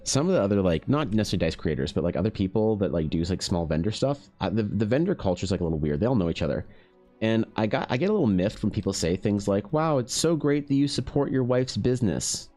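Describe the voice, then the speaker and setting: Casual male streamer, low voice, rambling and profane, faint music underneath. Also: very animated, quick pace, warm tone. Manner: rambling, restarts often, swears freely. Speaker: artist streaming while drawing. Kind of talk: casual chat with stream viewers.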